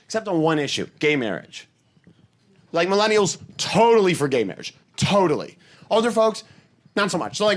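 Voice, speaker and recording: A man performing a stand-up comedy set, telling animated stories and acting out the voices of people he quotes. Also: a little high. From Boston.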